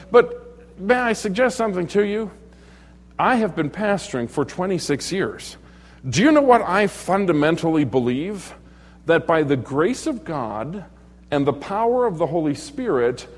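A middle-aged male pastor giving an evening sermon lesson in a church, jovial and joking, chuckling and teasing his congregation. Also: high-pitched. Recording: long hall reverb.

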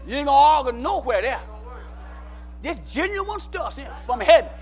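A man preaching a sermon in plain folksy speech, dropping into low asides and then rising to shouted exhortation. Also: very animated, moderate pace, soft background music. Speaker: pastor. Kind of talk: call-and-response sermon.

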